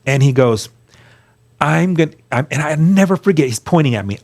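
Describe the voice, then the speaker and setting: With a mid-range, darkish voice, lively intonation and a brisk pace, a middle-aged radio guest tells his life story earnestly and conversationally. Emotion makes him trip over repeated words, and he performs the lines others spoke.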